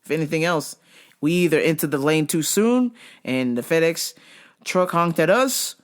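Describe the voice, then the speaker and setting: A woman's voice: sits low, normal speed. A woman hosting her show, telling a story casually with swearing and acted-out voices. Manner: animated, swears freely, acts out voices. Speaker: show host.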